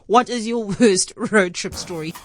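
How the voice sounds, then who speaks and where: A South African woman radio host telling a story in an animated way, acting out the voices in it and laughing often. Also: medium pitch, a little slow, dry recording, soft background music.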